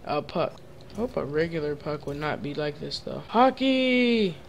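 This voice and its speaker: A man giving excitable gaming commentary, trash-talking his teammates with sudden loud yelps. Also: a little high, moderate pace, gravelly, slight background noise. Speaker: gaming channel host.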